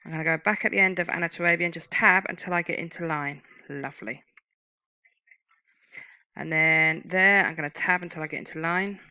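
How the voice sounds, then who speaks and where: A woman's voice: fairly low pitch, brisk, bright, forceful tone, no echo, poor audio. A woman giving a screen-recorded typing lesson, patiently explaining each term and step. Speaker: typing tutor.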